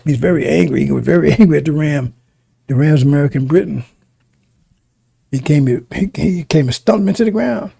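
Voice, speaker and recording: Gravelly, emphatic male preacher. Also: a little high, brisk, warm tone, no echo. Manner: emphatic, repetitive, addresses listeners directly. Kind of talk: sermon.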